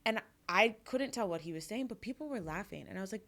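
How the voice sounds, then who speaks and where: A woman's voice: medium pitch, expressive, fast, fairly bright tone. A woman comedian co-hosting a podcast, telling stories in chatty casual talk full of fillers. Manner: chatty, filler-heavy storytelling. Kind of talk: casual chat. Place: comedy club.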